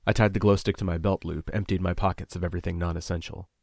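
Deep gravelly male audiobook narrator. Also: fairly even intonation, a little mellow, dry recording, clean studio sound. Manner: measured, introspective storytelling. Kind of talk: first-person audiobook narration.

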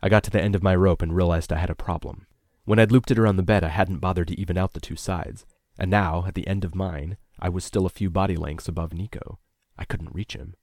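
A man narrating a tense first-person story in a measured, scripted reading. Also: low voice, creaky, a little mellow, dry recording, clean studio sound. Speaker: audiobook narrator.

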